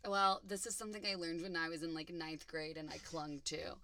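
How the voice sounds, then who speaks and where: A woman's voice: low-pitched, steady tone, brisk, pushed and bright, slight background noise. A woman co-hosting a podcast, quizzing her co-host in casual chat and laughing often. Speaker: podcast co-host running a trivia game.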